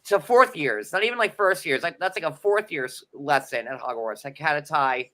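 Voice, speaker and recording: A man's voice: on the high side, lively intonation, moderate pace, bright, forceful tone. A man co-hosting a casual chat, sarcastic and rambling with many fillers. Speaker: podcast co-host.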